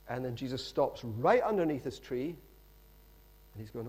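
A middle-aged man preaching a sermon in a lively, conversational storytelling manner with frequent asides. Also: mid-range voice, normal speed, slightly rough.

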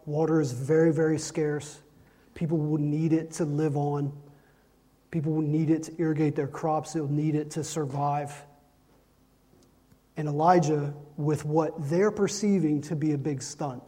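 A man's voice: a little high, steady tone, unhurried, warm tone. A man preaching a sermon, emphatic and repeating lines to drive his points home. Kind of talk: sermon with Bible reading.

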